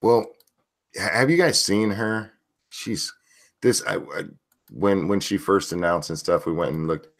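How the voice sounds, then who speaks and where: A man with a very low, deep voice hosts a casual livestream, reading out chat messages. He talks bluntly and swears freely, with loose conversational rhythm. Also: unhurried. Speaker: streamer host reading chat.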